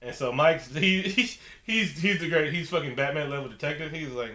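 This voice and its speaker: A man on a casual podcast, recapping a horror movie in an animated way and acting out the characters' lines. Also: a little high, fairly quick, echoey room. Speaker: podcast co-host. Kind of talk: casual movie review chat.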